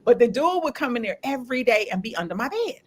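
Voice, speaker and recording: A woman hosting a candid podcast conversation, telling her story in an animated, laughing way with casual slang. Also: on the high side, quick pace. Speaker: podcast host.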